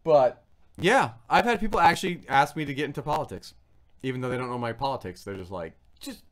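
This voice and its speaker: A man's voice: mid-range voice, quick pace. Upbeat male host in his thirties on a casual stream, bouncy intonation, puts on goofy voices. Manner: animated, puts on silly voices when quoting people. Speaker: food review host. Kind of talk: casual livestream chat.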